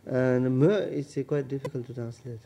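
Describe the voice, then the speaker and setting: A man explains a text's grammar, going word by word and circling back with repeated phrases. His voice is dark and mellow, even in tone. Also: medium pitch, moderate pace, dull audio, slight background noise. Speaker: Tibetan language teacher. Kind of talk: casual text-study session.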